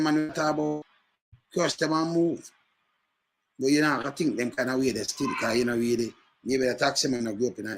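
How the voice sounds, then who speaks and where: A man with a Jamaican accent talks in casual, animated commentary. His voice is bright and husky, and he repeats himself and breaks into loud bursts. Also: mid-range voice. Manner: animated, emphatic, repetitive with loud outbursts.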